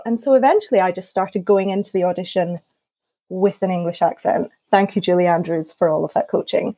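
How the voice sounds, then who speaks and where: Her voice medium in pitch and moderate in pace, a Scottish guest musician recounts her story during a casual panel chat, animatedly performing the quotes. The recording is rough.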